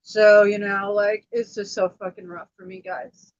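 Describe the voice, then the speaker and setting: A woman's voice: medium pitch, fairly even intonation, a little slow, dry recording, highs cut off. An emotional woman in her thirties, rambling on a personal livestream about her family, upset and close to tears. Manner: rambling, emotional, repeats herself. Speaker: livestream host.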